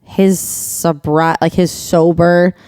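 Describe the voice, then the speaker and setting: A woman's voice: fairly low pitch, little pitch movement, takes it slowly, dark tone, smooth, dry recording, studio quality. A woman co-hosting a podcast, chatting casually and enthusiastically about a movie. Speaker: podcast co-host. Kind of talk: casual film discussion.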